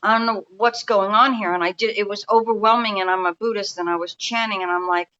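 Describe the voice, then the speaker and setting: Bright-voiced New woman in her fifties. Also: medium pitch, steady tone, fast talker, dull audio. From New York. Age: 50s. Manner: rambling, restarts often, speaks in a confiding way. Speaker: guest energy healer. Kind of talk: casual storytelling interview. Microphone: remote call.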